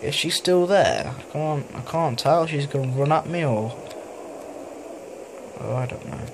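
Young guy rambling slowly over a horror game, laughs when scared, noisy background. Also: a little high, lively intonation, gravelly. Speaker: gaming YouTuber. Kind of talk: casual let's play commentary. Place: home room, family noise downstairs.

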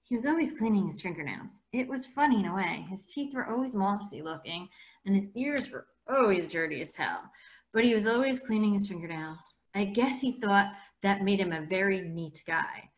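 Brief: female teacher, reads aloud to class, relaxed steady delivery. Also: medium pitch, normal speed. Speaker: English teacher. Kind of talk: reading a novel aloud.

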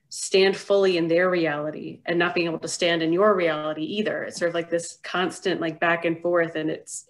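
A woman host with a slightly low voice speaks in a measured, reflective counseling manner. She talks things through thoughtfully. The sound comes from a video call. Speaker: host, clinical social worker. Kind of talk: reflective discussion.

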